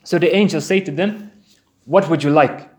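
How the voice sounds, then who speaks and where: A man's voice: a little high, normal speed, darkish tone. A man giving an earnest Islamic sermon, telling vivid stories and reciting Quran verses in Arabic. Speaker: preacher.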